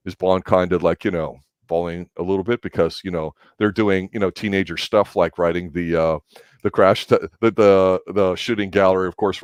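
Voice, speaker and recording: Excitable deep-voiced man reviewing a movie. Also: no room sound, studio quality. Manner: rambling, excitable, swears casually, lots of fillers. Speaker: movie review podcast host. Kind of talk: casual movie review chat.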